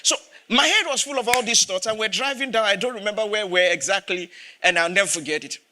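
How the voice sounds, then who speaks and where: A man's voice: high voice, fast, bright, forceful tone, slight background noise. A man, a pastor preaching a sermon, telling a story with laughter and acted-out dialogue.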